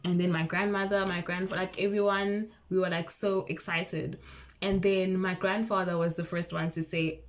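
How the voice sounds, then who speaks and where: A woman's voice: fairly low pitch, normal speed. Chatty young woman telling a story. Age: early 20s. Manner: chatty, excitable, lots of fillers and quoted dialogue. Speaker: vlogger. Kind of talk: casual storytelling to camera.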